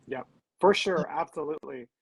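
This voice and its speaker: A woman with a husky, slightly breathy voice hosts a casual live stream. She is upbeat and talkative and keeps calling her viewers "guys". The sound is dry and close, as on a video call. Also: low-pitched, normal speed, no echo. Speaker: host.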